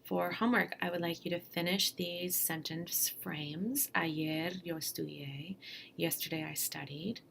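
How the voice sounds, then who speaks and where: A woman's voice: fairly low pitch, fairly even intonation, a little slow, vocal fry, fairly bright tone, a little hiss or hum. A woman teaching Spanish over a slide lesson in a chatty, encouraging, plain-spoken way.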